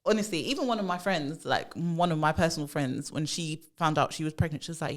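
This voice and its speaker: A woman co-hosts a laid-back podcast about work. Her voice sits low for a woman, and she chats easily, chiming in with quick agreement. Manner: chatty, many quick agreeing yeahs. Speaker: podcast co-host, HR professional. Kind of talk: casual chat.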